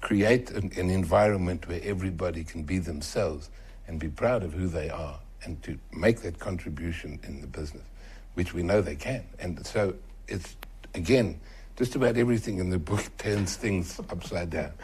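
An older man, talking earnestly as an interview guest and getting animated when he quotes others. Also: low voice, normal speed, slightly rough. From South Africa. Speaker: author and entrepreneur guest. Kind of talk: conversational interview.

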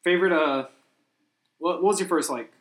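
A young man hosting a casual podcast chat, relaxed and steering topics with questions. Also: a little high, normal speed. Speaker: podcast host. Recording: echoey room.

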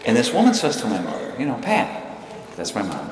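A man in his sixties delivers a sermon in a large, echoing church hall, with steady room noise behind him. He moves from quiet storytelling to emphatic, fervent peaks. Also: mid-range voice, fairly quick. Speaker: preacher.

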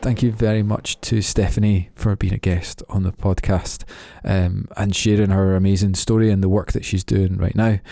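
A man hosting an interview podcast, asking questions with halting restarts. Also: low voice, level tone, gravelly, mellow. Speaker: podcast host.

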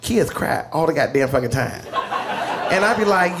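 Animated, profane male storyteller. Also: a little high, moderate pace, creaky, music in the background. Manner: profane, animated, laughs mid-sentence. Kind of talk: live comic storytelling.

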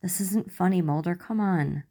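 A woman playing a breathless woman who pleads in hissed, urgent bursts. The voice is dark and mellow underneath, as in a storybook reading. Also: fairly low pitch, moderate pace, voice pushed up. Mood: pleading.

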